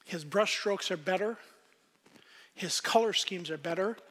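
A man preaching a sermon as pastor, swinging from loud emphasis to hushed whispers. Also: high-pitched, measured pace, in a large hall.

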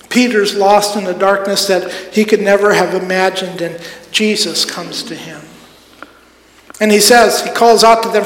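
High-voiced preacher in an echoey hall. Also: male voice, fairly bright tone. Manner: earnest, building to emphatic repeated lines. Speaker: pastor. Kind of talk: sermon. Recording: echoey hall with long reverb.

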